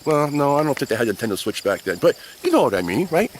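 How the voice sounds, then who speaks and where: Man, children's lesson, playful, very lively pitch, mid voice, faint crickets outdoors. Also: quick pace, a little hiss or hum. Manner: animated, playful storyteller addressing kids. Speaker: Sunday school teacher.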